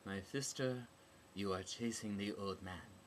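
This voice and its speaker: A man voicing a cold, menacing foreign warrior woman who speaks slowly and formally with odd pronunciation. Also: on the low side, a little hiss or hum, close to an everyday voice. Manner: slow, formal, oddly pronounced.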